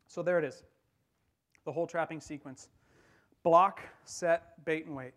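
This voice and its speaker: A man's voice: a little high, steady tone, measured pace, a bit bright. Man preaching a casual, wry sermon. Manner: conversational, wry humor while preaching. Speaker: pastor.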